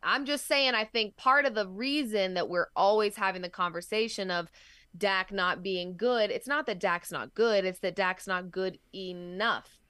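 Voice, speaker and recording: A woman's voice: medium pitch, normal speed, bright, forceful tone, no room sound. A woman co-hosting a sports podcast who gives firm, blunt counterpoints in casual debate. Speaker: podcast co-host.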